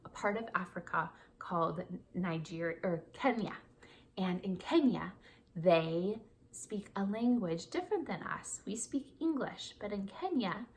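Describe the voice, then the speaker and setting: A woman's voice: fairly low pitch, a little hiss or hum. A woman reading a picture book aloud and teaching young children, encouraging them to repeat words after her.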